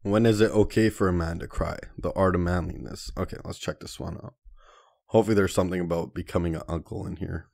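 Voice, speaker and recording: A man's voice: low-pitched, steady tone, quick pace, creaky, a little mellow. A young man hosting a solo podcast, telling stories in a slangy, profane way and calling listeners dude and man. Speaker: podcast host. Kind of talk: casual solo podcast monologue.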